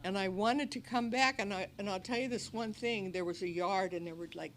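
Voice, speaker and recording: Speaking at a fairly quick clip in a medium-pitched voice, this woman shares her personal recovery story with a meeting-hall audience. She animatedly performs her past cries and others' words, and there's a little hiss or hum in the recording.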